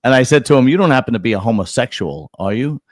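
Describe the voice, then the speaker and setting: A middle-aged man spins crude, rambling stories into a podcast mic, circling back and restarting his lines as he goes. His voice sits at an ordinary middle pitch, and the sound is dry and close, with no room in it. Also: animated, quick pace, no room sound. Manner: profane storyteller with many restarts. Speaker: podcast host. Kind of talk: casual chat.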